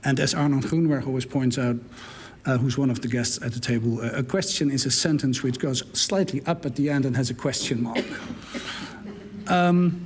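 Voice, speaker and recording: A man introducing a speaker to a hall audience, halting and restarting often. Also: mid-range voice, a little hiss or hum. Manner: halting, many fillers and restarts. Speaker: event host. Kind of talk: event introduction.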